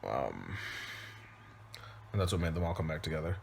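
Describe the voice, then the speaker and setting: A man, a father, casually recapping a film, loose and rambling, with frequent pauses and restarts. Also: rumbling low, very animated, creaky, a little mellow, a little hiss or hum. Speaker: movie reviewer. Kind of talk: casual spoken movie recap.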